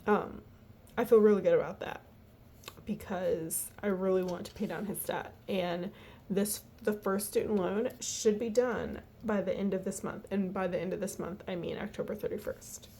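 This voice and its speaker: A woman walking through her family budget in a casual, halting way, tired and yawning, with lots of fillers. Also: medium pitch, fairly even intonation, dark tone, breathy edge. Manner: chatty, halting, many fillers and restarts. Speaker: budgeting vlogger.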